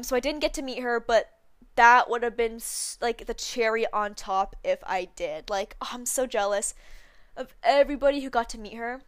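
A woman's voice: fairly high pitch, clear, resonant tone, no echo. A young woman hosting a podcast, telling a story in a chatty casual way with lots of fillers. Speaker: podcast host. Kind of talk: casual chat.

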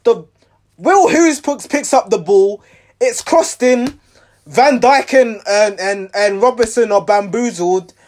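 High-voiced exasperated football fan. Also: male voice, takes it slowly. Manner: rambling, exasperated, frequent restarts. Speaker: football fan reviewing a match. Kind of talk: casual match reaction.

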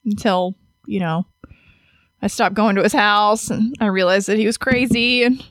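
A woman's voice: medium pitch, steady tone, moderate pace, a bit bright, no echo, clean studio sound. A woman co-hosting a casual podcast chat, joking and giggling with her friend. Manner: giggly, joking, talks over co-host. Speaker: podcast co-host. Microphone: studio mic.

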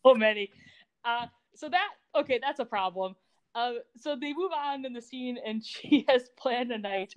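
Woman podcast co-host, slightly higher voice, animated and sarcastic, laughs a lot. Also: moderate pace. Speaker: podcast co-host recapping a TV show. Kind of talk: casual chat.

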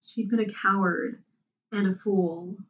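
Woman narrating a story, measured and slow, mid pitch, distant dull recording. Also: fairly even intonation, slight background noise. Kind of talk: reading a story aloud.

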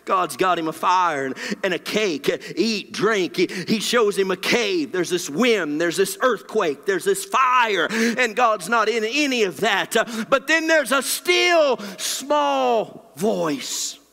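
A man preaching a sermon into a handheld mic, swinging between loud, dramatic lines and near whispers. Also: high voice, a little slow, few pauses. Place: church sanctuary. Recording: long hall reverb.

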